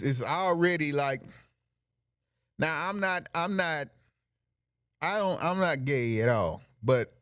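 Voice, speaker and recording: A brash podcast host with a slightly high voice jokes through a casual comedic monologue in a dry room with no room sound, laughing at his own bits.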